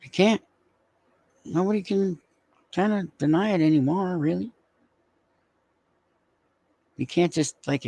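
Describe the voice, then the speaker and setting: A man's voice: on the high side, creaky, a little mellow, slightly rough, dry recording. A man streaming, reacting to news clips and chatting loosely with viewers, swearing and rambling. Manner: swearing, rambling, talking to chat by name. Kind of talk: casual live-stream commentary to chat.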